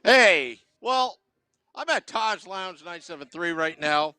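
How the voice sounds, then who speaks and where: A man's voice: sits high, expressive, slow pace, pushed and bright, clear, resonant tone, no room sound. A male podcast host opening a casual sports chat show in a formal announcer style.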